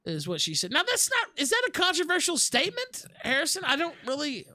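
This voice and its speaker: A Southern American man hosting a livestream talk show. His voice sits high and sounds bright and forceful, and he keeps tossing rhetorical questions at his guest. The recording is dry and close. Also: wildly swooping pitch, a little fast, few pauses, no echo. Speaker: host. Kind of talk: casual political talk.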